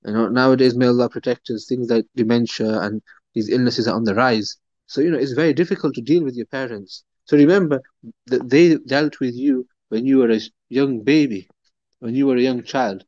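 The man's medium-pitched voice is a little mellow, with no echo in the dull, dry recording. He is a religious teacher delivering a Quran commentary lesson conversationally, with frequent fillers and restarts.

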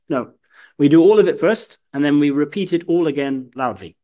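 A man leading a religious lesson, talking quickly in a voice that sits a little high. He explains patiently, point by point, and now and then stops to demonstrate a call aloud. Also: animated, warm tone. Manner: explains step by step, demonstrates chanted calls. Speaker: Islamic studies teacher.

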